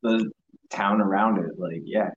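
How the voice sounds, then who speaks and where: A man's voice: on the low side, a little slow, highs cut off. A man talking casually about a TV series, loose and full of "like". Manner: relaxed, lots of "like" fillers. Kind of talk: casual chat about a TV show.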